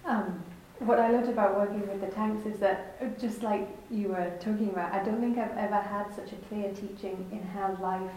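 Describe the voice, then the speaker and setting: A woman's voice: mid-range voice, steady tone, normal speed, hardly any pauses, a little mellow. Earnest woman asking a spiritual question, kinda self-reflective, really echoey room. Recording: echoey hall, faint noise.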